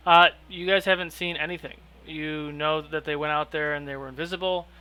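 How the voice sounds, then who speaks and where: A man narrating as game master of a tabletop game, explaining scenes and rules in a relaxed way. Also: fairly high pitch, fairly quick, clear, resonant tone.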